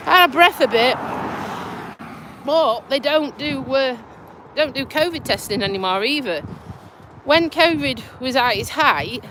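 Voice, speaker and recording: A woman's voice: sits high, a bit bright, a little hiss or hum. A woman with a Lincolnshire accent chatting bluntly on a live stream while walking outdoors, out of breath and stuffy with a cold. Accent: Lincolnshire English. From Lincolnshire, England. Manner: chatty and blunt, swears casually. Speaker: vlogger and community nurse. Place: outdoors by a tidal river bridge.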